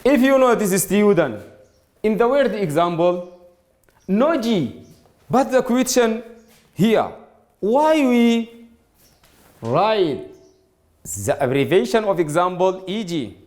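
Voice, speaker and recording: A man teaching an English grammar lesson to students, explaining slowly and repeating words, with Arabic as his first language. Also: sits high, big pitch swings, darkish tone. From Sudan. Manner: slow, repetitive explaining, addresses students directly.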